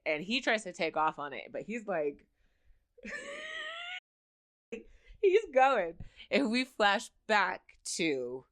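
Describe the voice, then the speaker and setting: Chatty woman host with a lowish voice. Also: a bit bright, no echo, clean studio sound. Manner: chatty, filler-heavy, laughing asides. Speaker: host recapping a TV episode. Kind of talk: casual chat.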